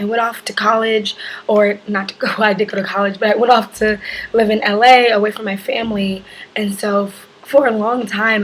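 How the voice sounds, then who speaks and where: A hoarse young woman, husky from allergies, chatting casually as a travel vlogger telling a story-time tale, rambling with lots of fillers. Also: a little high, poor audio.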